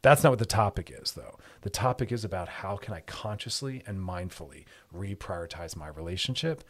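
A man hosting a radio advice show, talking in a lively, animated way and now and then slipping into mocking voices. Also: low-pitched, a little fast. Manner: animated, lively, often slips into mocking put-on voices for others. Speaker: radio show host and therapist.

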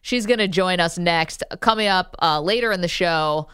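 A woman co-hosts a sports talk radio show with a smooth, clear voice, recorded dry and close. She teases her partner and laughs often. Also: lowish voice, normal speed, fairly bright tone, no room sound.

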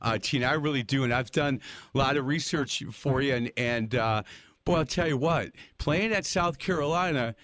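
A man's voice: medium pitch, normal speed, a bit bright, dry recording. An older man hosting an interview, telling folksy, rambling anecdotes in a chatty way. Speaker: host. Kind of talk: interview with animated storytelling.

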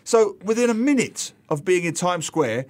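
Man, slightly high voice, humorous storyteller, lively, radio guest columnist. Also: moderate pace. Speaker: regular contributor, author and newspaper columnist. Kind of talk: radio show conversation.

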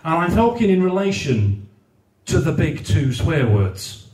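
A man's voice: a little high, very animated, unhurried, darkish tone. A man performing a crude, swearing live stand-up routine, acting out other people's raised voices at a comedy night. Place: comedy night in a venue hall. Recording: echoey hall, mic from far off.

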